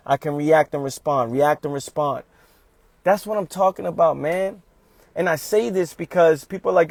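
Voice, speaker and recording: A man's voice: on the high side, normal speed, vocal fry, a little mellow, dry recording. A man giving a motivational talk on a livestream, speaking emphatically, repeating his points and calling his listeners "fam".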